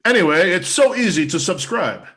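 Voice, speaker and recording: A man doing a deadpan spoof commercial, with a dry, formal, mock-earnest delivery. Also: high voice, normal speed. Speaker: comedian performing a mock ad. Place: home video stream.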